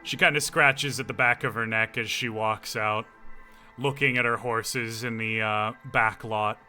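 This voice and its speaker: A man's voice: mid-range voice, steady tone, measured pace, pushed and bright, soft background music. A man narrating as game master of a tabletop game, descriptive with many fillers.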